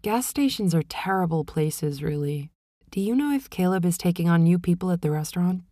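A woman's voice: on the low side, expressive, a little fast, dark tone, no room sound, clean studio sound, natural voice. A woman doing a fed-up ex gas-station girl. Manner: weary, complaining. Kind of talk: accent reel monologue.

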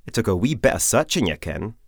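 A man doing a dry young Scottish highlander. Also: very animated, quick pace, creaky, dry recording, full character voice. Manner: dry, blunt.

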